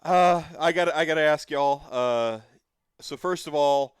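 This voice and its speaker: A man's voice: fairly high pitch, a little slow, clean tone, no room sound, studio quality. A man in his thirties hosting a casual podcast chat, rambling with plenty of fillers and the odd swear word. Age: 30s. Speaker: podcast host.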